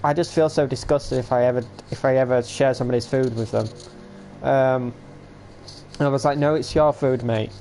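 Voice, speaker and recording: A man's voice: mid-range voice, fairly even intonation, normal speed, a little mellow, soft background music. A man in his late teens, chatting casually and rambling to viewers on a home livestream.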